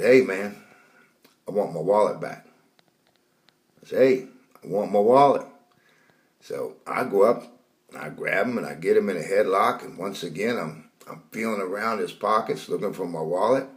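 A man tells a dream as a rambling testimony, repeating words and raising his voice for retold shouts. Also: lowish voice. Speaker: preacher telling a dream. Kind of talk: storytelling testimony.

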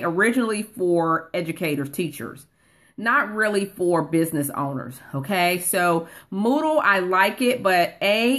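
A woman's voice: medium pitch, fairly bright tone. A woman coaching viewers on a casual live stream, chatting and reading comments aloud, calling people honey. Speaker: online course coach.

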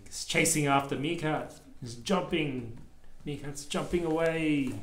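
A man's voice: fairly high pitch, measured pace. Father reading a picture book aloud. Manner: gentle, pointing out pictures. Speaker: father reading to his child. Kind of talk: children's book read-aloud. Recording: echoey room.

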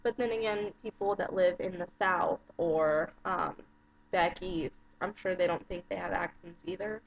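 A woman's voice: lowish voice, fairly even intonation, vocal fry. Chatty Arizona woman, lo-fi webcam. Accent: Arizona American. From Arizona, USA. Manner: chatty, unhurried, with many ums. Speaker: vlogger. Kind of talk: casual vlog, reading a word list. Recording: dull lo-fi home webcam audio.

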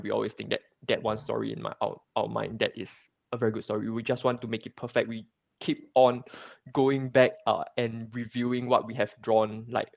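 A man from Singapore chats as a guest comic creator, chatty and loose, full of fillers and restarts. His voice sits at an ordinary pitch. The call audio is dry and dull, with a lo-fi sound. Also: gravelly, no echo. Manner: chatty, many fillers and restarts, laughs often. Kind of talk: casual interview chat.

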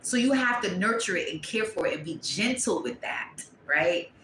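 A woman reading tarot to camera, blunt and profane, breaking into loud exclamations and dropping to quieter asides. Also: medium pitch, expressive, normal speed, reverberant, slight background noise, poor audio. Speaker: tarot reader.

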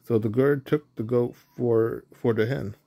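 A man reading a children's storybook aloud, steady with small slips. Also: medium pitch, a little slow, gravelly, dry recording. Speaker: storybook reader.

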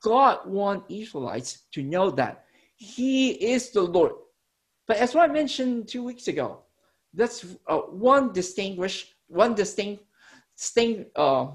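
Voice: mid-range voice, very animated, slow. A preacher delivers a teaching sermon with a voice that rises and falls freely. The speaker explains ideas step by step for the congregation. Phrases often stop and restart as they self-correct.

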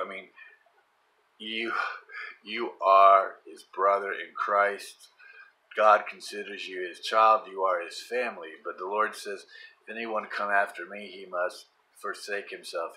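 A middle-aged man giving a fervent religious monologue, repeating himself and swinging from soft prayer to loud, urgent testimony. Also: low voice, a little hiss or hum, low-quality recording. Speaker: Christian vlogger.

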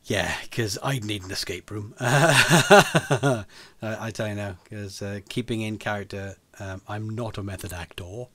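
A man's voice: on the low side, a little slow, sharp tone, no room sound. A man co-hosting a casual podcast chat, laughing often and repeating words as he thinks. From United Kingdom. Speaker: podcast co-host.

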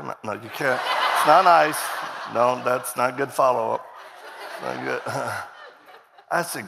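In a reverberant hall with background noise, a middle-aged guest preacher gives a storytelling sermon at an unhurried pace. His medium-pitched voice has vocal fry, and he frequently laughs while acting out dialogue.

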